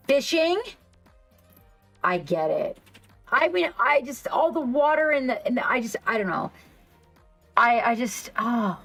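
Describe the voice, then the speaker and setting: A woman hosting a casual livestream, rambling excitedly and reacting to her chat. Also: mid-range voice, low-quality recording. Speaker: livestream host. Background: faint background music.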